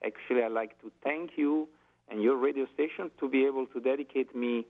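Casting: Italian-accented male guest, gravelly, tinny phone line, halting with fillers. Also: medium pitch. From Italy. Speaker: guest singer. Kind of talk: phone interview.

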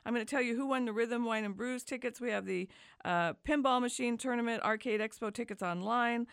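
Casting: upbeat female radio host, slightly high voice, dry studio sound. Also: a little fast, creaky, fairly bright tone, clean tone, no room sound. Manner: chatty, upbeat. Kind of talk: radio talk show.

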